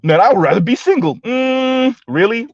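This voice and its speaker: A man's voice: extremely high pitch, lively intonation, normal speed, no echo, lo-fi sound. A man, giving blunt casual commentary to a live chat and often asking "right?". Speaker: live stream host.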